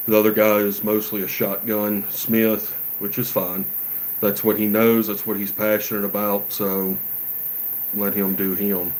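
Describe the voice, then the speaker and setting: A man with a fairly low voice talks slowly and easily, in a relaxed, folksy, rambling way. He is a gunsmith chatting on a casual livestream. A faint hiss of noise sits under his voice. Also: low-quality recording. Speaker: gunsmith and shop owner.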